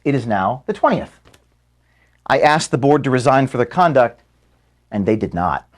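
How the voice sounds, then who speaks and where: A man, the founder of an organization, giving an earnest, measured farewell statement to his staff from an office room. He speaks steadily, then grows quieter and halting when moved. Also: medium pitch.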